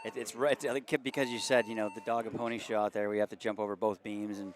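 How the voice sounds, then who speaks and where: A man co-commentating on a match outdoors, speaking in quick, halting bursts and hedging his points. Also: on the low side, little pitch movement, noisy background. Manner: rapid, halting, hedging speech. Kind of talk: live sports commentary banter.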